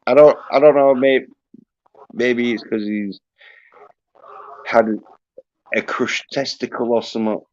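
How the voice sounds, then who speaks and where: Give me a crude, rambling livestream host with a middle-pitched voice and dull audio. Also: male voice, fairly even intonation, measured pace, pauses often, a little mellow, a little hiss or hum. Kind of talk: casual livestream rant.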